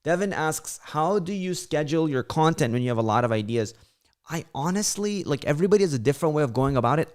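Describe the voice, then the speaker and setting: A man's voice: mid-range voice, clear, resonant tone. Emphatic man hosting a live Q&A. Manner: animated, emphatic, swears casually. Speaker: livestream host. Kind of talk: casual livestream Q&A.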